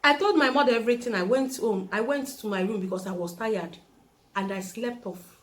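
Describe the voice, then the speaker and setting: A woman's voice: a little high, fairly quick. A young Nigerian woman with a Nigerian accent, telling a personal story in a vlog and acting out the people she quotes. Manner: animated, acts out quoted voices. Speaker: vlogger.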